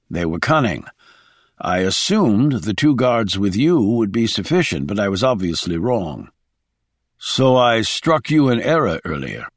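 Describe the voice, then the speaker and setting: A man's voice: on the low side, husky, no echo. A man voicing a cautious, nervous male aide in an audiobook, earnest and explanatory, in a dry, close recording. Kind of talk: audiobook character reading.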